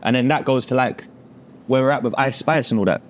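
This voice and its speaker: A man's voice: mid-range voice, fairly quick, slight background noise. A man from England, hosting a podcast and telling stories in casual, slangy chat. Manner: animated storytelling with London slang, puts on voices for quotes. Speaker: podcast host.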